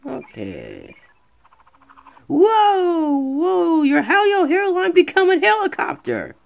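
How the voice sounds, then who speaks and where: A streamer giving casual let's-play commentary, excitable and rambling, talking back to the game. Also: very high voice, measured pace, vocal fry. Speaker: gameplay streamer.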